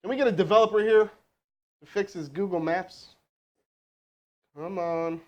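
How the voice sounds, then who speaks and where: A man's voice: high voice, moderate pace, lo-fi sound. A man making a live cold sales call and then coaching his crew, talking casually with lots of fillers and restarts. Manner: energetic, rambling, full of fillers.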